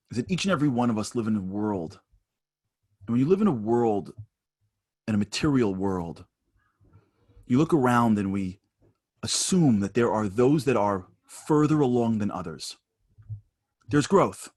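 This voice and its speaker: A husky-voiced man at a mid-range pitch delivers a conversational teaching talk. He moves between quiet, personal storytelling and livelier stretches where his voice climbs and gets louder. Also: normal speed, long pauses, no echo, clean studio sound. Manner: storytelling, rising higher and louder when animated. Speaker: lecturer at an online seminar.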